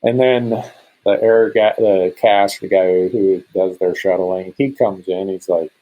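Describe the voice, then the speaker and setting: A middle-aged man from Montana, a hunter guesting on a podcast, telling a story in an animated way and acting out what others said. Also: low voice, measured pace, narrow, tinny audio. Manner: animated, acts out quoted speech in a raised voice.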